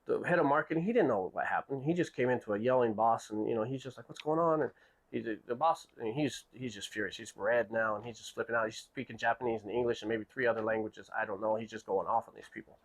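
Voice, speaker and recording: A fast-talking man with a lowish voice hosts a podcast, casually spinning a long story. He acts out the characters with a raised voice, stays animated, and keeps restarting his sentences and repeating words.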